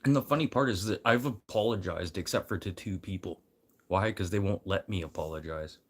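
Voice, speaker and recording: Fairly quick in his speech, a man talks casually to his livestream audience, full of swearing, veering from low grumbles to loud bursts of encouragement.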